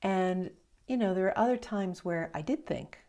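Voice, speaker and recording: A middle-aged woman with a mid-range voice, a meditation teacher, gives an evening talk. She tells stories slowly and reflectively, adding soft, hushed asides.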